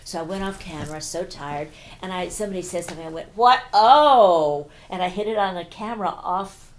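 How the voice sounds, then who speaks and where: An older woman from Texas, a stage and screen actress, chatting as an interview guest and telling animated stories. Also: on the low side, fast talker. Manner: animated storyteller who acts out quoted voices. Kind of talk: casual interview chat.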